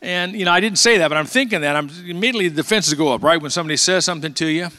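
A man in his sixties preaches from a church pulpit with a bright, forceful voice pitched a little high. He talks fast and excitedly, then slows right down to read scripture. The sound rings with the long reverb of a large church hall. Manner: quick, animated talker who slows down for scripture readings. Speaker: pastor. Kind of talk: sermon. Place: church sanctuary.

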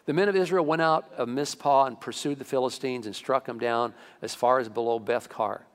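A man preaching a sermon as pastor, animated, rising sharply in pitch to stress his points. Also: a little fast, smooth. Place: church sanctuary. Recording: long reverb of a church hall.

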